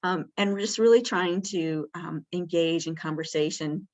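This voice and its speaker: A woman with a fairly low-pitched voice speaks at normal speed, leading an interactive training session on how to communicate with people with dementia. Her style is warm and conversational, heavy on fillers, and she acts out a caregiver's words in a bright, lifted voice.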